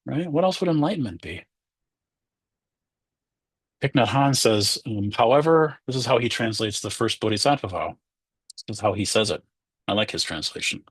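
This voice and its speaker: Husky-voiced man giving a dharma talk. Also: mid-range voice, moderate pace, long pauses, no echo. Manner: animated, conversational, acts out inner voices. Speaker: Zen teacher.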